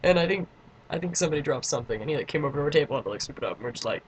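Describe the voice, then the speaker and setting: A teenage girl telling a story to her camera in a casual vlog. She chats and giggles along and leans on "like" constantly. Now and then she breaks into excited squeals. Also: low voice, rapid-fire, slight background noise. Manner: chatty and giggly, lots of "like", squeals in quotes. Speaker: vlogger.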